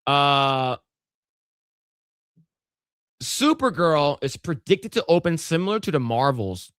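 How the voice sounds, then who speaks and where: Podcast co-host, male, casual and profane, animated pitch, dry close mic. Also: takes it slowly, clear, resonant tone, no echo. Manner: profane, laughing, acts out scenes in high voices. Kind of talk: casual chat.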